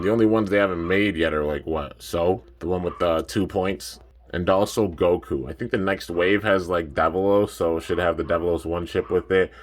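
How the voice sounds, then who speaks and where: A young man with a very deep voice chats his way through an unboxing. He rambles in a relaxed, unhurried way, filling gaps with "man" and "like," and sounds a little sleepy. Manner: laid-back, rambling, peppered with "man" and "like". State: a bit sleepy. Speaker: toy reviewer. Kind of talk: casual unboxing chat.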